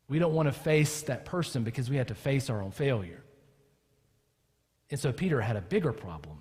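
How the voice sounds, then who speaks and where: A male pastor preaching a sermon as lively storytelling, acting out the people he quotes. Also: medium pitch, fairly quick, pauses often, breathy edge, in a large hall.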